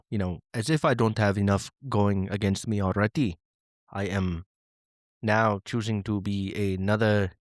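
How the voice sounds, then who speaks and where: A man doing a stiff, formal podcast co-host with an Indian accent, lowish and slow in places, in a dry, close sound. He announces each point earnestly and stumbles over restarts. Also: dry recording, natural voice.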